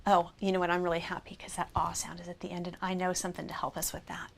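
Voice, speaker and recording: A woman teaching a phonics lesson, sounding out vowels slowly and clearly and praising the listener. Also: lowish voice, monotone. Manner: slow, clear, encouraging, sounds out each vowel.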